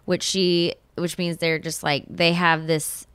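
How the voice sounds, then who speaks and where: A woman with a smooth, clear voice hosts a casual podcast chat. She talks in an animated, heartfelt way, confiding personal stories. The recording is close and dry. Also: lowish voice, takes it slowly, no echo. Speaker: podcast host.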